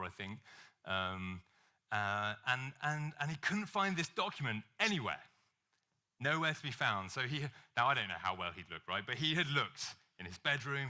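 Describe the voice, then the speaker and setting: A man's voice: medium pitch, sharp tone. A man preaching a sermon, telling funny stories and acting out the voices of the people in them. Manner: humorous storytelling, acts out quoted voices.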